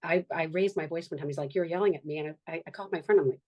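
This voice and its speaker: This guest, a woman in her fifties who works as an author and social worker, speaks in a low, rapid-fire voice with the highs cut off. She talks earnestly and reflectively about her life on a candid podcast, performing the voices of people she quotes.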